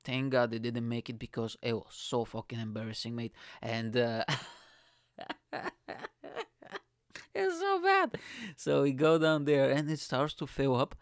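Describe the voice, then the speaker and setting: A man's voice: mid-range voice, fairly even intonation, moderate pace, clear, resonant tone, no room sound, studio quality. A man who does stand-up comedy, telling a rambling, self-mocking story in casual talk, swearing freely and laughing at himself. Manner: laughs at his own story.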